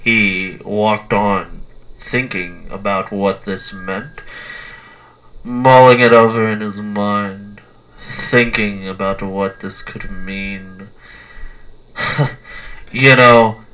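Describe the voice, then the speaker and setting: A man doing a slow brooding story narrator. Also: mid-range voice, fairly bright tone, poor audio. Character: dramatic male storyteller narrator. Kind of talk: mock-dramatic scripted narration.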